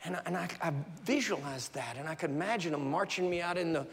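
An American man preaching a sermon, telling a personal story vividly and dramatically, even acting out sounds. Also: a little high, quick pace, slight background noise. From United States. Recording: long reverb of a large hall.

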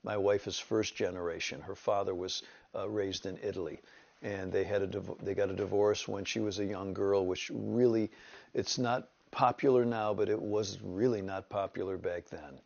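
A man's voice: lowish voice, normal speed, gravelly, highs cut off. A man, a pastor telling his personal testimony in a storytelling way. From upstate New York. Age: 70s. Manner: storytelling, lively retelling with quoted voices.

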